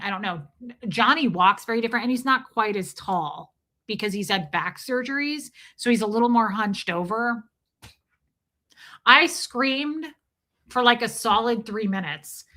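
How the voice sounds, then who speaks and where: A woman's voice: mid-range voice, sharp tone. A middle-aged woman hosting a casual livestream, chatting and telling rambling stories while answering comments. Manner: chatty, rambling storytelling, reads comments aloud. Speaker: livestream host. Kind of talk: casual live chat.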